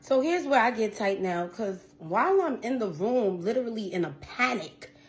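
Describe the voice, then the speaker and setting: Young female singer, casual storytime venting, swears freely, slangy and blunt, slightly high voice. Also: animated, normal speed.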